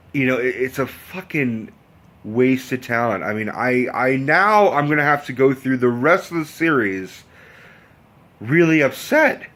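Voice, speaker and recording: A man's voice: medium pitch, fairly bright tone. A man in a casual vlog rant, telling a story in a rambling, profane way with many restarts. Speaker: vlogger.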